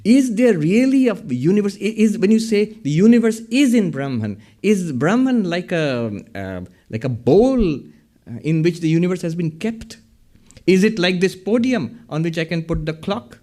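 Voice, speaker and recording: A man's voice: high voice, sing-song, normal speed, dark tone. A man giving a public lecture from a podium. He explains ideas step by step and keeps asking the audience questions. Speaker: lecturer on Vedanta. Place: hall with a podium. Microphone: speaking at a podium.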